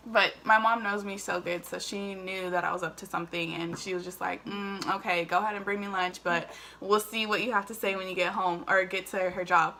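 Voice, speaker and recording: Woman, vlogger, casual storytelling, chatty, bright tone, faint background noise. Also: mid-range voice, steady tone, a little fast. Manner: chatty, emotional, many fillers.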